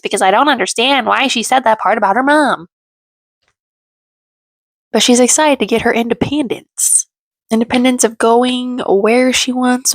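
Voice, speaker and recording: A woman talks through a reality show episode in a chatty, sarcastic way, tossing out snide little jabs as she goes. her voice sits at an ordinary middle pitch, recorded close and dry with hardly any room sound. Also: no echo. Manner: sarcastic, snarky asides. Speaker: reality TV recap commentator. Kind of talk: casual commentary.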